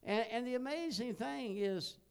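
A man, preaching a sermon as a folksy storyteller who grows loud and excited. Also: very high voice, normal speed, creaky, smooth. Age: 60s.

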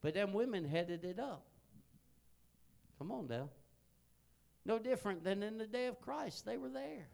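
Preacher, sixties, male, high voice; folksy sermon storyteller who builds to excited shouting. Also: moderate pace, vocal fry, long pauses. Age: 60s.

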